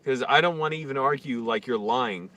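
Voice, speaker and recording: A man's voice: medium pitch, a little fast, pushed and bright. A man from Virginia telling an indignant, rambling story on a livestream, with many fillers and restarts. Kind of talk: casual livestream rant.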